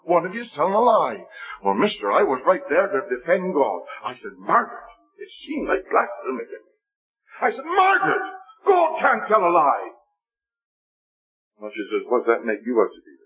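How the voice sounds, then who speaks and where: A man's voice: medium pitch, very animated, brisk, slightly rough. A man preaching a testimony sermon, telling a story and acting out the voices in quoted dialogue. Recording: dull lo-fi recording.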